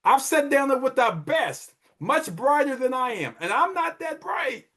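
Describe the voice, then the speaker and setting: Middle-aged male podcast host, emphatic and repetitive, higher voice with lively intonation. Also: unhurried. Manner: emphatic, preachy, repeats phrases for effect. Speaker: wealth advisor and podcast host. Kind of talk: motivational money talk.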